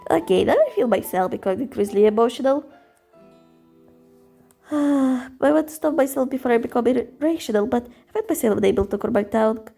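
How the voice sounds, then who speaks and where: Woman reading a visual novel out loud, emotional and stumbly, mellow dark tone. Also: a little high, expressive, normal speed, creaky, husky, faint music behind. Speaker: reader voicing a visual novel.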